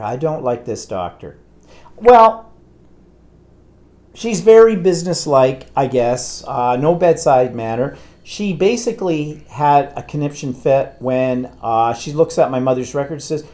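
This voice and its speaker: A man's voice: mid-range voice, animated, moderate pace, few pauses, warm tone. A man, co-hosting a live talk show and telling a long, exasperated anecdote in casual chat. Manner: rambling anecdotal storyteller, exasperated. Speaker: co-host.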